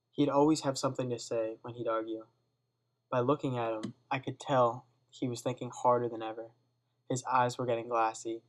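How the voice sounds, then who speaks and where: A teenage boy reading a dark first-person school story aloud in a steady, subdued way. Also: medium pitch, rough recording. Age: teens. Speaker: student reader.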